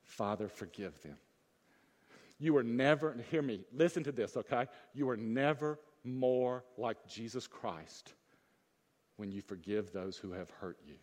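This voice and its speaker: A man preaching a sermon as pastor, moving between loud urgent peaks and soft, low asides, and asking the congregation questions. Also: lively intonation, unhurried. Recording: long reverb of a church hall.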